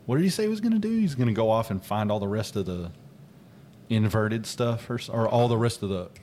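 A man's voice: on the low side, expressive, brisk, warm tone, a little hiss or hum. A man co-hosting a casual podcast chat, rambling and hesitant with lots of fillers. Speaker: podcast co-host.

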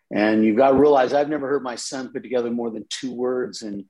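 A man's voice: medium pitch, steady tone, fairly quick, few pauses, mellow, low-quality recording. A middle-aged man, a pastor, telling a personal testimony in an interview, earnest and with frequent repeated words. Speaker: associate pastor.

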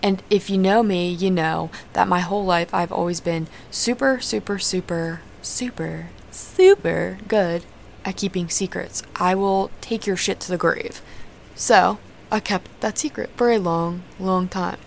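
A woman's voice: on the low side, fairly even intonation, moderate pace, gravelly, slight background noise. A young woman hosting a podcast, telling a personal story in a candid, profane, casual way. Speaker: podcast host.

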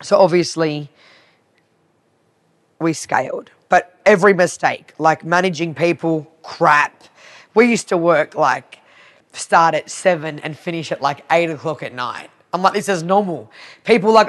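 Australian woman, podcast guest, animated storyteller who acts out the dialogue. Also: sits low, moderate pace. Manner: animated, acts out both sides of conversations. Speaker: podcast guest, cleaning business owner. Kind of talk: casual storytelling interview.

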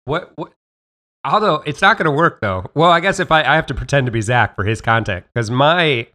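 Sick guy cohosting a podcast, stuffed-up nasal voice, bright and a bit tense, slow with lots of pauses. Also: medium pitch, animated. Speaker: podcast co-host. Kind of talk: casual chat.

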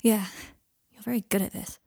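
An anxious, lonely young man, voiced by a woman reader in a storybook recording. He blurts out what he feels in a warm, somewhat husky voice. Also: fairly high pitch, fairly quick, dry recording, studio quality. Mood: curious. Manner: unsettled, blurting.

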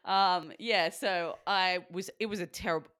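A woman's voice: lowish voice, measured pace, clean tone, no echo, clean studio sound. A woman, casually telling stories on a podcast, swearing freely and acting out quotes. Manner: animated storyteller, swears freely, acts out quotes. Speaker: podcast co-host. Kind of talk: casual chat.

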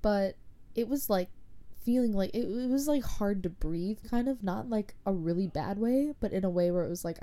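A woman's voice: mid-range voice, expressive, normal speed, dark tone. A young woman casually telling a personal story, rambling with lots of filler words. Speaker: podcast host.

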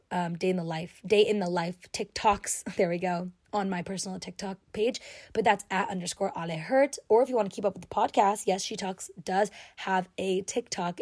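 A young woman hosting her own podcast, talking alone in a warm, gushing, affirming way. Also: medium pitch, no echo, studio quality. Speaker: podcast host. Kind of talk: solo podcast talk.

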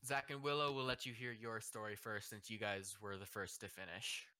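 Bright-voiced young man telling a story. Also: on the low side, flat delivery, moderate pace, smooth, dry recording, studio quality. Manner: rambling, laughing storyteller. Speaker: host and judge. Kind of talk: casual group chat, telling a story.

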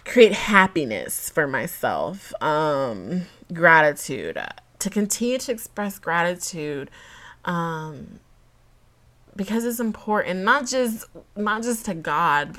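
Slow, low-voiced young woman podcaster. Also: pushed and bright. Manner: laughs often, emotional, tearing up at times; slang-filled, speaks to listeners as y'all. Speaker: podcast host. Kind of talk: casual solo podcast talk.

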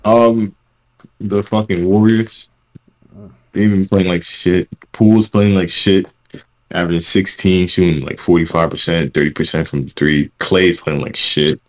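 A man's voice: sits low, steady tone, a little slow. A young man co-hosting a casual podcast chat, blunt and swearing freely. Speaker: podcast co-host.

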